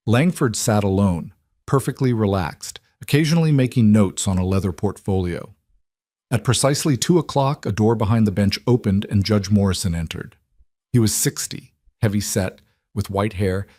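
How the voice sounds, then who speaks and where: A man giving scripted, measured narration of a Western story. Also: fairly low pitch, darkish tone, no room sound, clean studio sound.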